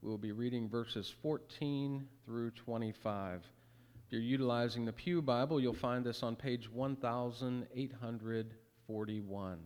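A pastor giving an earnest, conversational sermon with folksy asides. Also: male voice, mid-range voice, unhurried, a little mellow, smooth. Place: church sanctuary. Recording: reverberant church sanctuary.

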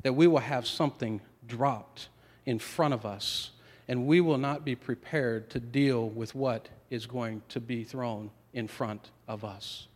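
Man preaching in an echoing hall. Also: mid-range voice. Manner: preaching with swells of emphasis and dramatic pauses. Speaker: pastor. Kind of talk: sermon. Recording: long reverb of a large hall.

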